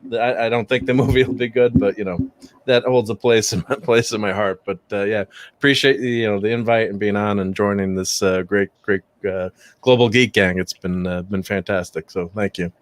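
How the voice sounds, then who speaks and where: A man who is a guest on a casual panel stream, talking in a relaxed way with lots of uhs. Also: fairly low pitch, a little fast, no room sound. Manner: relaxed, many uhs, light laughs. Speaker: panel guest, channel creator.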